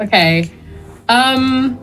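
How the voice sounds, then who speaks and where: A woman's voice: on the high side, lively intonation, drawn-out words, a bit bright, slight background noise. A woman playing along as a quiz contestant, hesitating over answers and protesting the questions. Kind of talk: casual quiz chat.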